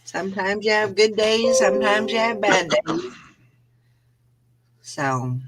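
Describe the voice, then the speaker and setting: A woman's voice: medium pitch, takes it slowly, over a noisy crowd. A woman co-hosting a casual live-stream morning show, laughing easily and trailing off mid-sentence. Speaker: co-host of a reseller morning show.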